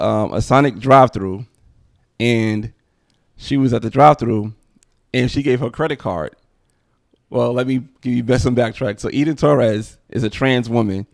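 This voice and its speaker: A man's voice: medium pitch, gravelly, no echo, studio quality. A man hosting a casual commentary livestream, rambling conversationally. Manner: rambling, conversational, frequent "you know what I'm saying". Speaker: livestream host.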